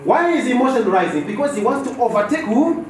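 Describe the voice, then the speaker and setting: A man's voice: extremely high pitch, fairly quick, crowd noise. A man teaching a workshop class. He quizzes the room and acts out office dialogues. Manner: animated, asks the class questions and acts out dialogues. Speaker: business trainer. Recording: roomy echo from far off.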